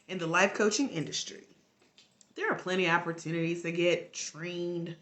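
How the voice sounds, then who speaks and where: Sleepy Southern woman, bright voice. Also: medium pitch. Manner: drawling, laughing, chatty. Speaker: life coach. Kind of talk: casual live stream talk.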